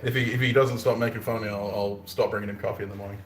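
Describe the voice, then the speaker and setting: An Australian bladesmith chats casually on a live stream from his forge workshop, joking, punning, and laughing often. His voice is low, steady, and racing, captured in a roomy, echoey space with a little hiss or hum.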